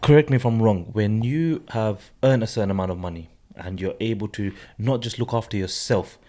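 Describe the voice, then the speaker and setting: Relaxed man talking reflectively. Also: on the low side, a little fast. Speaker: podcast co-host. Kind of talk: casual chat.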